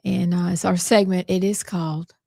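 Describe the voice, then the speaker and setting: A woman's voice: on the low side, fairly even intonation, moderate pace, gravelly, dark tone, no room sound, studio quality. A woman hosting a talk show in a chatty, easy-laughing way. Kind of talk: casual radio chat.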